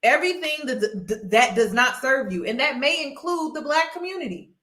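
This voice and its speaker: Woman vlogger, fairly high voice, echoey room, emphatic, casual commentary. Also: expressive, moderate pace, fairly bright tone. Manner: emphatic, repeats points, addresses viewers as y'all.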